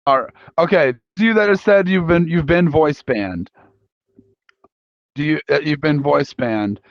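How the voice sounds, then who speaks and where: Young male panel host, gravelly and a bit high, halting casual talk, dull lo-fi sound. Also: no room sound. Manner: halting, casual, many restarts. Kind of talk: live panel talk polling an audience. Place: convention panel room. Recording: dull lo-fi recording.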